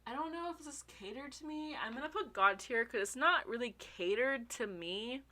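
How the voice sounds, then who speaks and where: A young woman chatting casually to her viewers, excitable, swearing freely and laughing often. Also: a little high, moderate pace. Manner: talks to her viewers as y'all. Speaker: vlogger. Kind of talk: casual chat.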